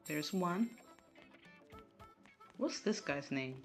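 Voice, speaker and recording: A woman's voice: fairly low pitch, animated, drawn-out words, soft background music. A woman streamer playing a game live at home, chatting casually and talking to her viewers as she plays. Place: room at home.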